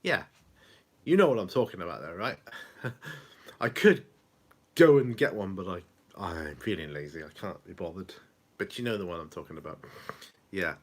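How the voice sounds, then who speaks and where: A man's voice: sits low, animated, moderate pace, pauses often. A middle-aged man chatting casually to camera at home, rambling, chuckling and losing his thread. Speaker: vlogger. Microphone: camera on a small tripod.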